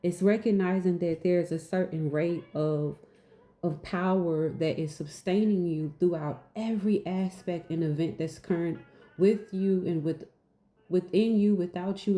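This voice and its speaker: A woman's voice: fairly low pitch, dark tone, reverberant. A woman giving a casual spiritual message, repeating her points for emphasis and calling herself goofy. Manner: repetitive, emphatic, asks "right?". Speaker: spiritual teacher.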